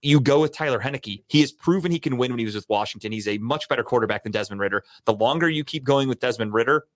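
A man's voice: mid-range voice, quick pace, no echo, clean studio sound. Casual man recapping football scores. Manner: profane, rambling. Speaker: podcast co-host. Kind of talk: casual sports chat.

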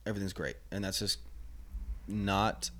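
A young man as a podcast guest in casual chat, rambling and animated. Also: deep voice, normal speed. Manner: rambling, animated, restarts often.

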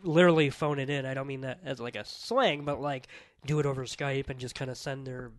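A man's voice: mid-range voice, steady tone, fairly quick, no echo. Guy rambling questions about a movie, dry close sound, lots of uh and like. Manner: hesitant, filler-heavy questions. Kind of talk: casual film discussion.

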